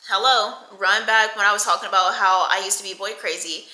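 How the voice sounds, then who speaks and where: A young woman in her twenties tells a story straight to camera with a very bright, sharp voice. She is animated and chatty and swears freely. The sound has a roomy echo. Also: mid-range voice, a little fast. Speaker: storytime vlogger. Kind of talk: casual storytime.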